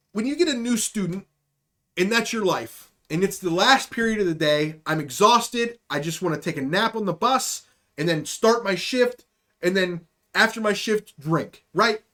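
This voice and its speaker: A man's voice: high voice, a bit bright. A man hosting a livestreamed talk show, telling a rambling, profane story in a casual way. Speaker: podcast host.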